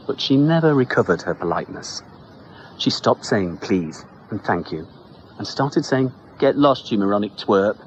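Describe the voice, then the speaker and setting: A man reading a children's story aloud in an expressive, playful way. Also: fairly low pitch, dull audio, slight background noise.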